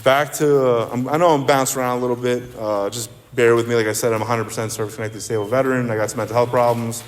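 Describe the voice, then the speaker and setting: A man's voice: mid-range voice, steady tone, fast, a little hiss or hum. Male speaker at a recovery meeting, middle voice, candid and rambling, with long reverb from the meeting hall. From central New Jersey. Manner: rambling, candid, self-deprecating. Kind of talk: personal recovery talk.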